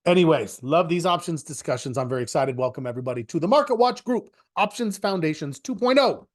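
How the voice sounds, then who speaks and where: A man's voice: a little high, animated, fast. A man teaching options trading in a casual live online class, chatty and joking, with rambling asides.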